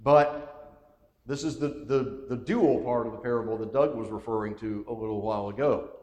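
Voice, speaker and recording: A man leading a Bible study, reading scripture aloud and asking the group questions. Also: medium pitch. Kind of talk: teaching a Bible class. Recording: echoey room with long reverb.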